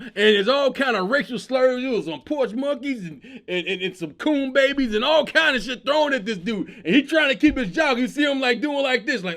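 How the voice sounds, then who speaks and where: A man comedian hosting his own show, telling stories in an animated way, acting out the people he quotes and shouting at the big moments. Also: very high voice, brisk. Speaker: comedian host. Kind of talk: energetic stand-up style commentary.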